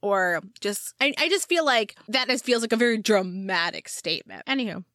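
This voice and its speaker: A young woman co-hosting a podcast, animated and playful, laughing and teasing in casual chat. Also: medium pitch, moderate pace, no room sound, clean studio sound. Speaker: podcast co-host.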